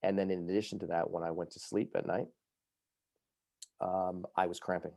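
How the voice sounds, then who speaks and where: Podcast guest: a very low-pitched, dark-toned man recounting his story at a brisk clip in a dry, close sound. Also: gravelly, no room sound. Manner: fast, lively, full of fillers like "you know" and "like". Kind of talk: animated personal storytelling.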